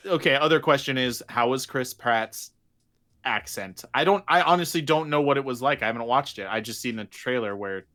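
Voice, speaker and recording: A man's voice: mid-range voice, moderate pace, sharp tone. A man co-hosting a podcast in casual chat, asking wry questions and making dry jokes. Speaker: podcast co-host.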